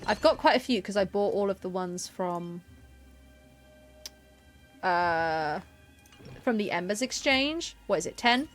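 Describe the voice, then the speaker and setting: A woman's voice: mid-range voice, animated, measured pace, long pauses, soft background music. A woman from England chatting casually on a live gaming stream, rambling and often interrupting herself.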